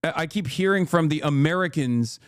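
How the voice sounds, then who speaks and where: High-voiced man ranting on a livestream. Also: moderate pace, clean tone, no room sound, studio quality. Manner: ranting, profane, emphatic. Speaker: political streamer. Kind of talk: heated livestream commentary.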